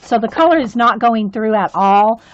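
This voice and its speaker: Coloring along with viewers on a relaxed livestream, this female host talks at a normal pace in a slightly high, animated voice. She chats and gushes with lots of exclamations, captured in muffled lo-fi sound.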